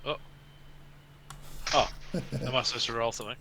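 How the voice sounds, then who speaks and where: A man's voice: medium pitch, steady tone, moderate pace, vocal fry, pushed and bright, slight background noise, low-quality recording. A man with an Australian accent chatting casually and joking around as a player in a tabletop game.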